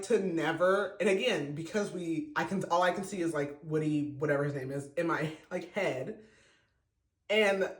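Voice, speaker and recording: A man hosting a podcast, giving a casual, emotional book review full of fillers and restarts. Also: high voice. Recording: roomy echo.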